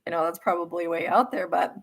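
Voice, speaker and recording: A woman's voice: on the low side, steady tone, fast talker, creaky. A middle-aged woman hosting a live spiritual question-and-answer talk, earnest and emphatic, often restarting her sentences. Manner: earnest and emphatic, with laughs and self-corrections. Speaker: spiritual livestream host.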